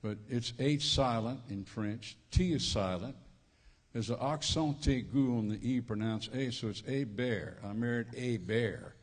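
Folksy Cajun preacher in a reverberant church. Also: male voice, medium pitch, measured pace. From Louisiana Cajun country. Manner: folksy, joking, repeats phrases. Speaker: visiting preacher. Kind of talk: sermon. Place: church sanctuary. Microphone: church PA microphone.

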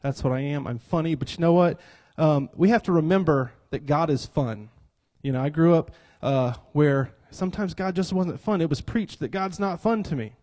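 Joking preacher working the congregation. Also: male voice, fairly high pitch, moderate pace, few pauses, a little mellow. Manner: joking, self-described cut-up, calls for congregation responses. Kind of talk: interactive church sermon.

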